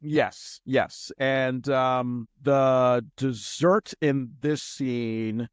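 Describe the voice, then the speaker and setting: A man's voice: mid-range voice, fairly even intonation, extremely slow, smooth, no room sound, studio quality. A man co-hosting a casual podcast recap, talking animatedly and slipping into goofy impressions. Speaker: podcast co-host.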